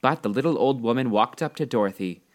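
A man reading a children's book aloud, telling the story in an expressive, unhurried way. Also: medium pitch. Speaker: storybook reader.

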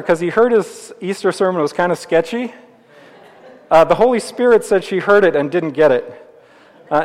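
High-voiced pastor in a reverberant church. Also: male voice. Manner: playful, conversational preaching with jokes. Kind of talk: sermon. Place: church sanctuary. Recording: long reverb of a church hall.

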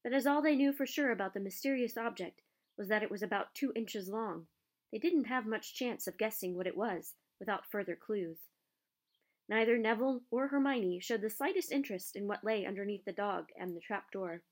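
Woman calmly narrating an audiobook. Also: mid-range voice, normal speed.

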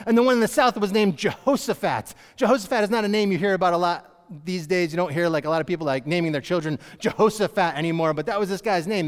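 A high-pitched man delivers a relaxed storytelling sermon, slipping into lively put-on voices for the characters. His talk is loose and chatty, full of fillers and restarts. The sound rings with the long tail of a large church hall. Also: smooth. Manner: chatty, animated retelling with acted-out voices and many fillers. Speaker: preacher.

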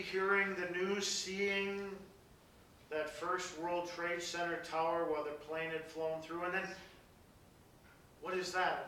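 A pastor preaching a sermon, reading scripture dramatically and dropping into soft, hushed passages. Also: male voice, sits high, slight background noise. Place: large church. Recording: very echoey church from a distance.

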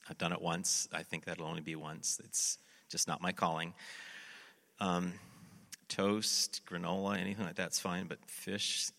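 A man with a very low voice preaches a sermon, and his tone is bright and forceful. He tells the story animatedly and acts out the lines of the characters. A long reverb rings around him, as if he is in a big hall. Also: gravelly. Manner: animated storytelling, acting out scripture quotes. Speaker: pastor.

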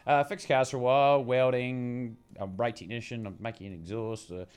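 Casting: young New Zealand man, easygoing guest, dry self-deprecating humour, mid-pitched voice. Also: flat delivery, normal speed, a little mellow, smooth. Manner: laid-back, self-mocking, dry humour. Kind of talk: casual storytelling chat.

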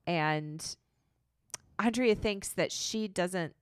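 Casual recap co-host, woman, lowish voice, dry close mic. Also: extremely slow, clear, resonant tone, no echo. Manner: relaxed, recaps plot step by step. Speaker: podcast co-host.

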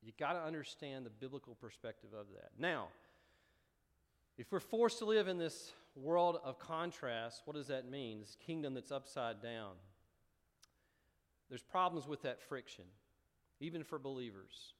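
A male pastor delivering a sermon, telling stories with rising, animated emphasis. His voice sits in a middle range. It carries a long reverb, as if spoken from the front of a large hall. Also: mid-range voice, a little slow.

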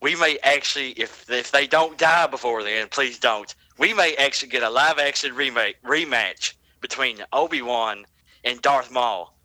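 Excited guy chatting, super bright voice, dead dry sound. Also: mid-range voice, moderate pace, no room sound, rough recording. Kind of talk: casual chat.

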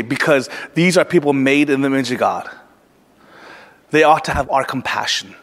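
A man delivers a sermon in an earnest, explanatory way, now and then restarting a phrase. His voice sits high for a man. The sound carries the long reverb of a church hall. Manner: earnest, explanatory preaching with some repeated restarts. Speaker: pastor.

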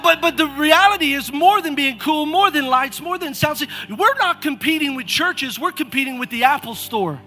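A man preaching a lively sermon as pastor of a church, energetic and calling out churchgoers by name with repeated urging. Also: very high voice. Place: church auditorium.

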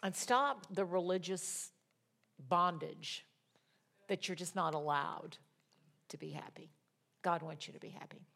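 A middle-aged woman leads a Bible study and shares her own story in an animated, quick-talking way. Her voice climbs high when she relives the most emotional moments, then drops low again as she makes her point. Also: gravelly. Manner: fast-talking. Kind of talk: personal testimony sermon.

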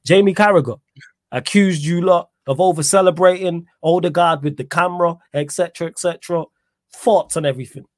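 Fast-talking lad hosting a stream. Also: male voice, on the high side, no echo, clean studio sound. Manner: energetic, slangy, shouting out viewers. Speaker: live stream host. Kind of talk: casual live stream chat.

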